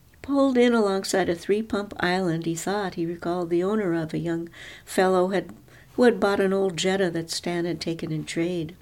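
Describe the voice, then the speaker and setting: A woman's voice: lowish voice, normal speed, darkish tone. Woman reading a story aloud. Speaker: narrator. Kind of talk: scripted narration of a story.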